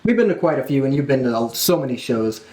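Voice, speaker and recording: A man's voice: medium pitch, sing-song, fast talker, a little mellow. A man co-hosting a podcast, recapping events with enthusiasm in casual chat. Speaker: podcast co-host. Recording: echoey room.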